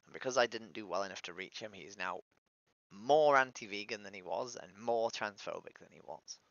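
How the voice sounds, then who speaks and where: A man's voice: on the low side, a little fast, creaky, fairly bright tone, dry recording, lo-fi sound. A man streaming alone, upset and weary, venting his frustration in a despondent monologue that swears and trails off into mutters.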